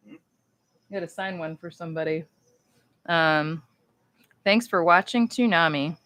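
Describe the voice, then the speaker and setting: Chatty woman with a smooth, lowish voice. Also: moderate pace, long pauses, a bit bright. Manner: chatty, rambling, talks while writing; playful and upbeat. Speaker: voice actress signing cards on a livestream. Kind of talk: casual livestream chat.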